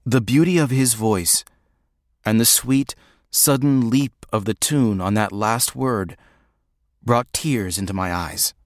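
Brief: male audiobook reader, slow, dry close studio sound. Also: mid-range voice, no echo. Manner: measured, reflective. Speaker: audiobook narrator. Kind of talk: first-person audiobook narration.

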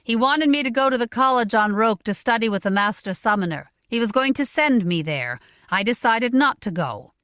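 A woman voicing a quiet young man who answers in a level, terse voice, in a storybook reading. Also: fairly high pitch, animated, normal speed, hardly any pauses, clear, resonant tone, dry recording, clean studio sound, voice pushed up. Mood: level, resolved.

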